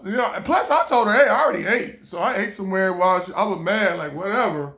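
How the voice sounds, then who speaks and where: A man's voice: sits high, fast, few pauses. A man. He acts out both sides of the conversation with big swings of energy, swearing freely and laughing as he goes. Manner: animated, re-enacts dialogue, swears freely, laughs while telling. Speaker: storyteller. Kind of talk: casual storytelling to camera.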